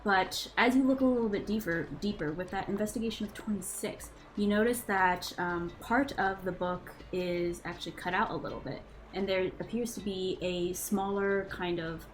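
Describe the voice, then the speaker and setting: A woman narrating a tabletop game as game master, relaxed and hesitant with many fillers. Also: medium pitch, moderate pace, hardly any pauses, a little hiss or hum, low-quality recording.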